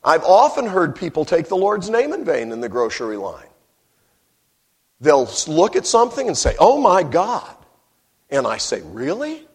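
Animated husky preacher. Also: male voice, on the high side, moderate pace. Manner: animated, wry storytelling with sudden emphatic bursts. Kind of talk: sermon.

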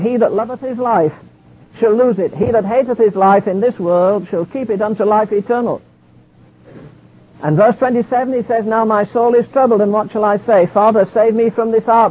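A man's voice: high-pitched, steady tone, moderate pace, slightly rough. A man preaching a sermon, reading scripture in old King James wording. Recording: dull lo-fi archive sermon recording.

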